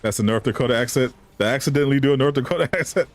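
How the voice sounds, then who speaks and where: A gaming streamer chats casually on a live stream, his mid-range voice coming out rapid-fire. He answers viewers with teasing banter and laughs often.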